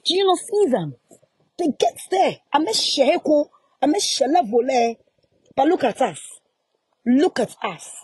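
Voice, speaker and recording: A woman's voice: sits high, sing-song, a little slow, pauses often, a little mellow, dry recording. A Ghanaian woman, a music promoter, angrily scolding a journalist in a heated live rant and repeating her questions.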